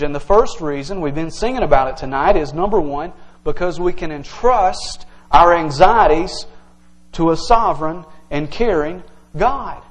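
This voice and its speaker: A man's voice: fairly high pitch, rough recording. A male pastor preaching an earnest, emphatic evening sermon to his congregation, teaching verse by verse.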